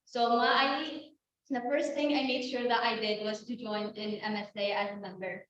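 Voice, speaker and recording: A woman's voice: a little high, level tone, moderate pace, a bit bright. Young woman speaking in a very echoey hall. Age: 20s. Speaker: student speaker. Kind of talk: prepared student talk. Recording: very echoey, muffled room sound with faint noise.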